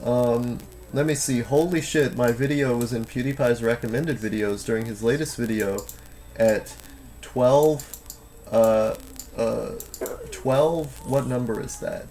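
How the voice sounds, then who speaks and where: A man's voice: mid-range voice, measured pace, dark tone, a little hiss or hum. A man in his twenties chatting casually on a live stream from home, reading chat aloud and rambling with lots of fillers and restarts. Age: 20s.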